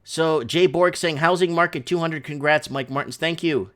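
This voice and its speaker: A man hosting a livestream from his home studio, picking up viewer messages as they come in. His voice sits fairly high for a man. He rambles and rants with excitable energy into a desk mic. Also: moderate pace. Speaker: livestream host. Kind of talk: casual livestream talk reading chat.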